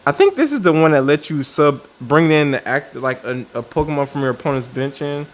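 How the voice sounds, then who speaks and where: A man's voice: on the high side, expressive, a little fast. Man thinking aloud over new cards. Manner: thinking aloud with many fillers and restarts. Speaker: card game video creator. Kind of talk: casual commentary on card reviews.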